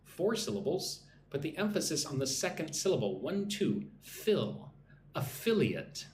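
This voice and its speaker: A man's voice: a little high, sing-song, moderate pace, a little mellow, reverberant, slight background noise. A man teaching English on a live stream, reading chat comments and drilling pronunciation.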